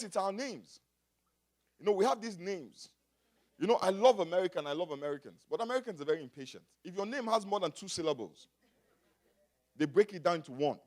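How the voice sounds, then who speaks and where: A man from Africa preaching a sermon, moving from quiet talk to loud shouting and calling out to the congregation. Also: high-pitched, expressive, fast. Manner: builds from quiet to shouting, call and response. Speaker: pastor.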